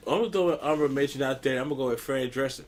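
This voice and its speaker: A man's voice: medium pitch, racing, a little hiss or hum. A man hosting a casual podcast, telling a story with lots of laughter and loose slang. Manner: animated storyteller, laughs often. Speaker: podcast host.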